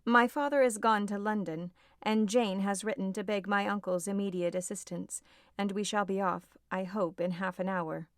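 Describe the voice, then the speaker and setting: A woman's voice: mid-range voice, fairly even intonation, normal speed, no echo, natural voice. A woman reading an audiobook voices a distraught young woman, agitated and close to tears. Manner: agitated, tearful pleading.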